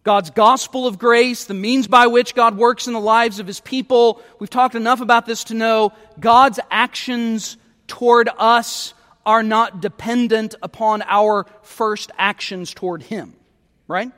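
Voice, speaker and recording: High-voiced guy preaching a sermon, stumbles and repeats words, big reverby church hall. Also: fairly even intonation, measured pace, fairly bright tone. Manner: emphatic, repeats words when starting a phrase. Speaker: pastor.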